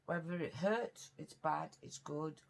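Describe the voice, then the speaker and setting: Rambling woman with a low voice. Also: slow, creaky. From Britain. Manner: rambling, chatty, earnest; eating while talking. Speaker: mukbang vlogger. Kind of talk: casual eating chat.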